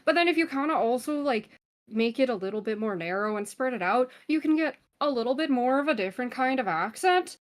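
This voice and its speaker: A woman's voice: high voice, animated, brisk. Rambling Canadian woman. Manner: rambling, self-deprecating, lots of fillers. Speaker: contestant. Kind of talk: casual game-show banter.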